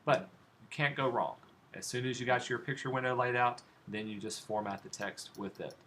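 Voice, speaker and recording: A man's voice: mid-range voice, moderate pace. A man teaching a design class, demonstrating steps on a computer as he goes and asking his students questions. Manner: relaxed, talks while clicking through steps, asks students questions. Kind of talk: live classroom software demonstration. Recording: faint background noise.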